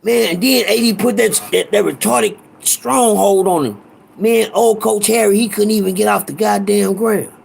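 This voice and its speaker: A man spins a casual, profane tale, wandering off and repeating himself as he goes. His voice sits high and is thick with gravel. There's a husky, raspy grain under every word. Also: moderate pace. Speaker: storyteller. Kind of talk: casual storytelling.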